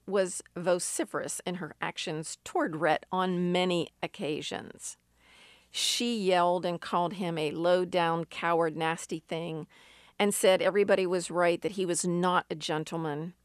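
A woman preacher giving a sermon, telling stories in an unhurried way with emphatic rises. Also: lowish voice, no room sound, studio quality.

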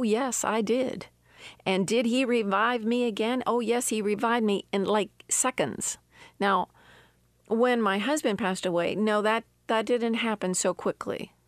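A woman's voice: a little high, no room sound, studio quality. An older woman with an earnest, emphatic manner, reading scripture and giving a personal devotional testimony. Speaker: devotional speaker.

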